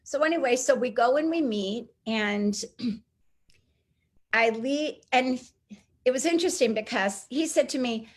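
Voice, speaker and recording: A middle-aged woman telling a personal story as an interview guest, lively and acting out the people she quotes. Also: on the high side, a little slow, long pauses. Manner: animated, acts out quoted voices.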